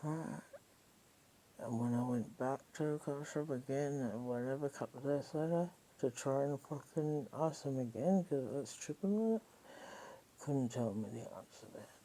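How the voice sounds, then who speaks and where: A woman's voice: rumbling low, moderate pace, dark tone, poor audio. An Australian woman telling a personal story in a casual monologue, rambling, swearing freely and emotionally raw.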